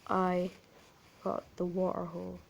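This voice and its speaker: A woman voicing a hateful, murderous male toy cowboy in a low, hissing whisper in a horror story. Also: monotone, measured pace, vocal fry, heavily acted.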